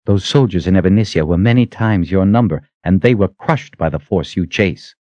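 A man voicing a stern, protective woman leader who gives firm, measured orders in an audiobook. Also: sits low, a little mellow, dry recording, highs cut off, lightly acted. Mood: commanding.

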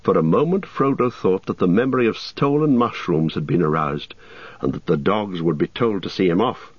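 Low, husky-voiced male storyteller. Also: dry recording. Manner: measured, expressive storytelling. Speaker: narrator. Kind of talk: audiobook reading. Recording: dull, dry close-mic audio.

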